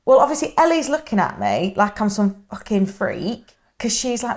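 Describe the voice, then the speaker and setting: A young woman from Yorkshire chats on a podcast. She tells a funny story in a loose, self-mocking way. Her voice sits at an ordinary middle pitch. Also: sing-song, a little fast, few pauses. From England. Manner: chatty, self-mocking anecdotes. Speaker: podcast co-host. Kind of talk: casual chat, storytelling.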